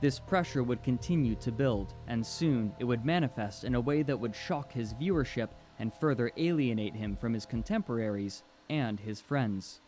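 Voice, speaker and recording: A man reading scripted documentary narration in a measured, even storytelling way. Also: medium pitch, faint music behind.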